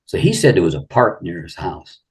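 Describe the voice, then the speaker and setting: Older male guest, gravelly and deep, easygoing storyteller who rambles. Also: big pitch swings, brisk. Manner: rambling anecdotes full of "you know". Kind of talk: casual storytelling interview.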